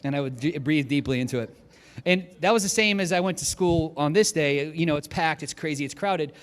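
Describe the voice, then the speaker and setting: Male pastor, slightly higher voice, lively storyteller, recorded in a big echoing sanctuary. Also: brisk. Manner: animated, lively storytelling with acted-out quotes. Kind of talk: storytelling sermon. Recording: long hall reverb.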